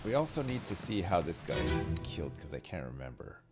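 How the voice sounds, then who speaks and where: Brisk and muttering, a game streamer from Britain puzzles things out aloud with big, wild pitch swings. Faint game music plays behind him.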